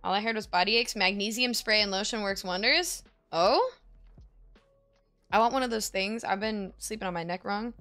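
A woman's voice: medium pitch, moderate pace, pushed and bright, soft background music. A woman livestreams from her home gaming setup, chatting loosely with friends between rounds. Her talk is playful and joking, with a light teasing edge. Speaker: streamer. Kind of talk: casual livestream chat while gaming.

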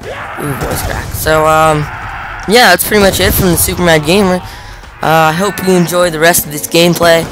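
A man's voice: on the high side, steady tone, normal speed, music in the background. A young man hosting a gaming channel, talking through a gameplay clip in a rambling, hesitant way with lots of fillers. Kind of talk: casual gameplay commentary.

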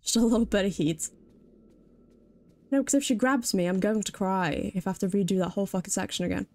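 A woman's voice: medium pitch, fairly quick, darkish tone. Jumpy British woman streaming a game. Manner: jumpy, swears freely, talks to chat while playing. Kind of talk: live gameplay commentary.

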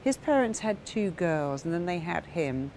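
A middle-aged woman therapist giving a motivational talk, telling client stories in a lively way and acting out the voices of the people in them. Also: on the low side, normal speed, a little hiss or hum. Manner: animated storytelling that acts out quoted voices.

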